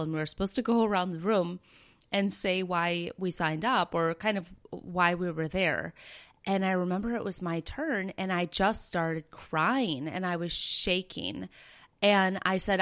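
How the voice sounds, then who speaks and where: Smooth low-voiced woman telling a story. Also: fairly bright tone. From Minnesota, USA. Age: 30s. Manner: earnest, conversational, with quoted dialogue. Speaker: podcast host and breathwork facilitator. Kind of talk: personal storytelling monologue.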